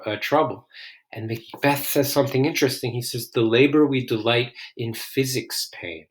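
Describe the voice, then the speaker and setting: Man, casual explainer, reads verse aloud, paraphrases plainly, curious musing tone, mid pitch. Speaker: literature explainer. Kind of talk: casual read-aloud with commentary.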